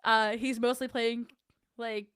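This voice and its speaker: A woman's voice: a little high, flat delivery, slow pace, a bit bright, clear, resonant tone, no room sound, studio quality. A young adult woman hosting a casual livestream, chatting and answering her chat in a self-deprecating way. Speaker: livestream host.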